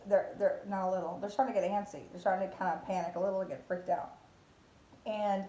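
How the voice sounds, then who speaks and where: A woman's voice: mid-range voice, warm tone. A woman giving a casual devotional talk as a Christian vlogger, rambling with many fillers and restarts. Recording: roomy echo.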